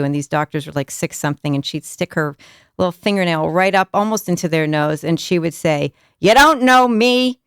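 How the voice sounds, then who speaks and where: A woman's voice: low voice, creaky, smooth, dry recording, clean studio sound. A woman hosting a podcast, talking in an emphatic, candid way. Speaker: podcast host. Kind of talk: casual interview conversation.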